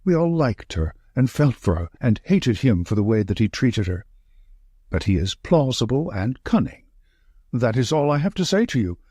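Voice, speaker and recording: Male reader doing a jittery estate manager, urgent and out of breath, husky. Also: mid-range voice, sing-song, moderate pace, mellow, dry recording, clean studio sound. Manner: breathless, urgent short sentences. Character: nervous, frightened thin male estate manager.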